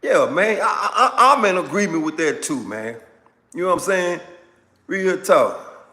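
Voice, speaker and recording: A man hosting a livestream, giving casual political commentary and answering viewer comments in an animated, repetitive way. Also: sits high, measured pace, long reverb tail. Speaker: livestream host.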